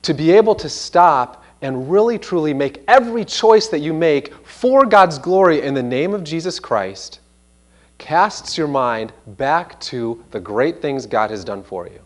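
A man preaching a sermon in a church, animated and earnest, sometimes mimicking voices in quoted asides. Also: mid-range voice. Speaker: pastor.

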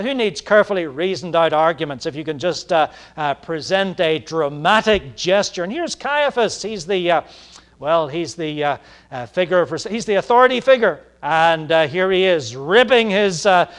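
A male preacher delivering a sermon in a slightly higher-than-usual voice. He talks haltingly, stopping often on fillers, and then pushes his points with strong emphasis. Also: expressive, a bit bright. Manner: halting, many "uh" fillers, rising emphatic moments.

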